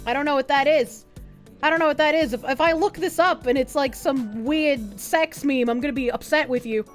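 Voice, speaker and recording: A young adult woman streaming, chatting casually in a rambling, excitable way and swearing often. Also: sits high, normal speed, faint music behind. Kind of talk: casual chat.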